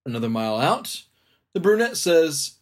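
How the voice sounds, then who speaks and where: A man as a podcast guest in casual chat, telling a joke in a laid-back, deadpan way. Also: a little high, moderate pace.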